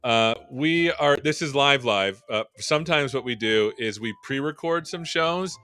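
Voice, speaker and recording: A man's voice: medium pitch, animated, measured pace, bright, forceful tone, clean tone, soft background music. A man hosting a live tech stream, chatting and joking about himself, his voice run through a vocal processor. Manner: joking, self-deprecating, chatty. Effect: vocal processor echo. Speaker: host. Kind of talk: casual livestream banter.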